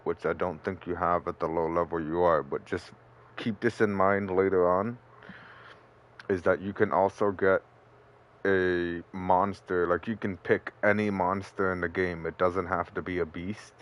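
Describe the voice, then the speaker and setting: A man's voice: deep voice, little pitch movement, a little slow. A man streaming a game, chatting casually and loosely explaining his play with a lot of fillers. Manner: laid-back, rambling, with fillers. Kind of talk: casual gameplay commentary.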